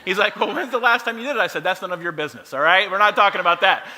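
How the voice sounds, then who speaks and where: A man's voice: high-pitched, very fast, pushed and bright. A man in his thirties telling a funny family story from the stage, playful and self-mocking. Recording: long hall reverb.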